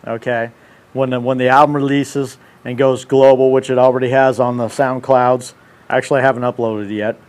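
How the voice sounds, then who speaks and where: A man's voice: medium pitch, little pitch movement, a little fast, darkish tone, clear, resonant tone. A man in his thirties hosting a casual livestream, ranting in brash, profane, slangy banter. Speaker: show host.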